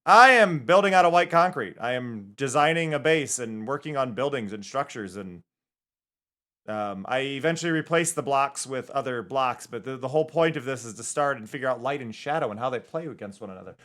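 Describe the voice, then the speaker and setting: A man's voice: medium pitch, brisk, a bit bright. A man chatting casually on a livestream, talking easygoing and narrating what he does as he builds in a game at home into a desk microphone. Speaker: streamer. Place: home room. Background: faint game music.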